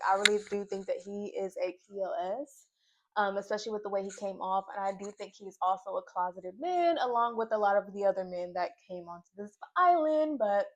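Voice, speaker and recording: Chatty opinionated woman reviewing reality TV. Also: medium pitch. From Nashville, Tennessee. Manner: chatty, opinionated, lots of fillers. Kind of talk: casual recap commentary. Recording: slightly dull lo-fi audio.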